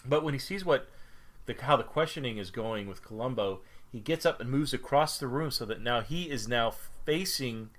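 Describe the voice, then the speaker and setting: A man's voice: medium pitch, expressive, normal speed, fairly bright tone. A man co-hosting a film podcast, recapping scenes casually with many fillers and self-corrections. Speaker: podcast co-host. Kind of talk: casual chat.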